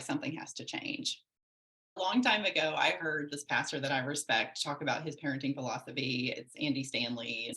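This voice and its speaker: A woman in her forties with a low, deep-set voice tells her own story as a podcast guest. She speaks in an earnest, reflective way, with loose run-on sentences. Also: fairly bright tone. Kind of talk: candid personal storytelling.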